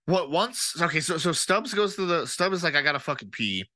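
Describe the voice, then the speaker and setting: Bright-voiced man, profane podcast chat. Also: fairly high pitch, brisk, dry recording. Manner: profane, animated, rambling with fillers. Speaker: podcast co-host. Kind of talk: casual movie-review chat.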